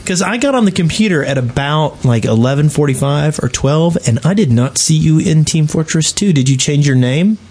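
A man's voice: fairly high pitch, animated, moderate pace, hardly any pauses, darkish tone. A man co-hosting a casual gaming podcast, explaining server policy and asking questions. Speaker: podcast co-host.

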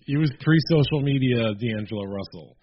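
A man co-hosting a podcast in casual chat, steering the talk in a relaxed way. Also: medium pitch, normal speed, a little hiss or hum. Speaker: podcast co-host. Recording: dull lo-fi sound.

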